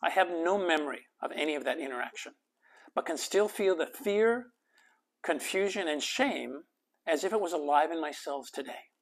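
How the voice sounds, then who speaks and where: A man from Canada reading his own memoir aloud, soft and intimate, sometimes dropping to a whisper. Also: fairly high pitch, animated, normal speed. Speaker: author and life coach.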